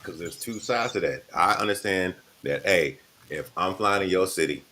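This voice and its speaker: A man's voice: low voice, moderate pace, pushed and bright, a little hiss or hum. A man co-hosting a podcast in casual chat, laid-back and plain-spoken.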